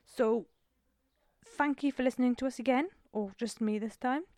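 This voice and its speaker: A woman's voice: on the high side, moderate pace, darkish tone, no room sound, studio quality. A woman in her twenties co-hosting a podcast, telling a rambling, self-mocking story in casual chat at home. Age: 20s. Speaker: podcast co-host. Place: home room with door open, traffic outside.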